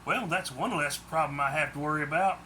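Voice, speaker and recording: A man's voice: a little high, brisk, sharp tone, slight background noise. A man narrating his own book in the first person, plain audiobook storytelling.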